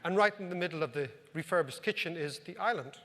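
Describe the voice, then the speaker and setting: A high-voiced Irish man spins wry, anecdotal stories for a live audience at a club. His talk rings with a long reverb from the hall. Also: fast talker, a bit bright, a little hiss or hum. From Ireland. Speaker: economic commentator, speaker. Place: club function room.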